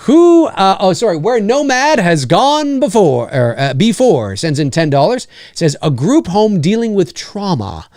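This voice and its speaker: Animated, rambling male live-stream host. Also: sits high, dry recording, clean studio sound. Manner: rambling, halting, with many restarts and fillers. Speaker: podcast host reading viewer questions. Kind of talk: casual live-stream chat.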